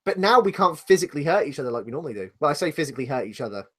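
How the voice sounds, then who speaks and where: Sweary British man with a lively voice. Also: on the high side, racing. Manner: sweary, blunt, argumentative. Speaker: podcast co-host. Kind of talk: casual live podcast banter.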